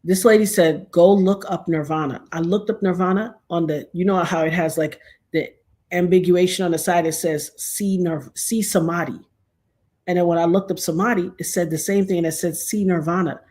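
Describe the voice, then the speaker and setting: A middle-aged woman telling a personal story in a casual, animated way, acting out the other people's lines as she goes. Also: fairly low pitch, normal speed. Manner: animated, acts out quoted dialogue.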